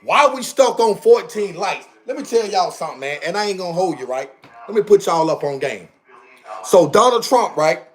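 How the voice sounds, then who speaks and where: A man's voice: high-pitched, animated, moderate pace. A man hosting a casual livestream from home, talking straight to his viewers in a fired-up, repetitive rant. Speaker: livestream host. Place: indoors at home on camera.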